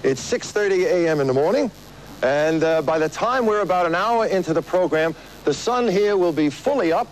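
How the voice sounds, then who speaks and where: A middle-aged man hosts a live television variety show from an outdoor location, rattling off a joke-filled opening monologue. His pitch sits slightly high and swings a lot as he talks. A faint outdoor hum runs under the voice. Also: expressive, moderate pace, low-quality recording. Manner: chatty, joking, laughs at his own gags.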